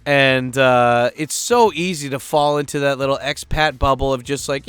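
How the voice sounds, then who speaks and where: Guy ranting on his vlog, swears a lot, rambles, smooth clear voice, no room echo. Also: medium pitch, moderate pace, fairly bright tone, soft background music. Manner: profane, rambling storyteller. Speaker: vlogger living in Japan. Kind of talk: casual vlog rant.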